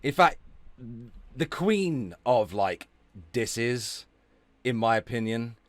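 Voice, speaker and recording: A middle-aged Welsh man hosting a livestream and reacting to clips, profane and swinging between loud outbursts and low mutters. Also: lively intonation, slow, no room sound. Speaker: livestream host.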